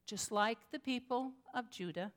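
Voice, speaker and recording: A woman pastor preaching a sermon, telling a story slowly and earnestly with dramatic pauses. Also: fairly high pitch. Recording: long hall reverb.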